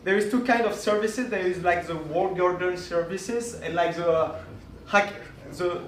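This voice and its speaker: A man's voice: high-pitched, a bit bright, recorded from a distance, slight background noise. Man presenting in an echoey room. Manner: halting, many restarts and fillers. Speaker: conference speaker. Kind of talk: conference presentation. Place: conference room.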